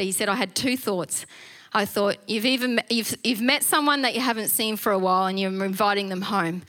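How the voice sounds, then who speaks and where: Bright high-voiced woman telling a story. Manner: animated, laughs often, many fillers and restarts. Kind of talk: casual storytelling testimony.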